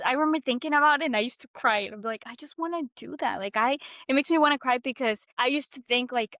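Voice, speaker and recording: A woman's voice: on the high side, no room sound, studio quality. A young woman from Mexico, a guest telling her story in earnest, casual talk, full of restarts. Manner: earnest, animated, with frequent restarts and "like".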